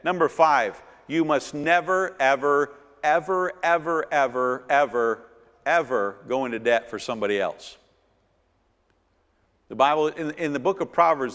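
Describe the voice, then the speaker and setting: A man's voice: a little high, fairly bright tone. A middle-aged man, a pastor teaching a church finance seminar, emphatic and repeating words, asking his audience rhetorical questions. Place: church hall. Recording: long echo of a church hall.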